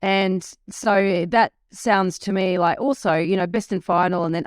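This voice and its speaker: A woman's voice: mid-range voice, fairly even intonation, a little slow, smooth, no echo, studio quality. A woman hosting a podcast, talking in a reflective, chatty way. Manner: reflective, chatty, laughs easily. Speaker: podcast host. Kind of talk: podcast conversation.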